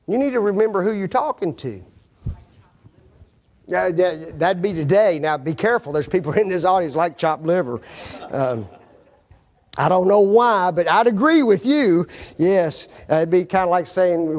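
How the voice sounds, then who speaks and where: A man's voice: sits high, expressive, unhurried, darkish tone. A man teaching a Bible class lesson, quizzing his audience with fill-in-the-blank questions and folksy, joking asides.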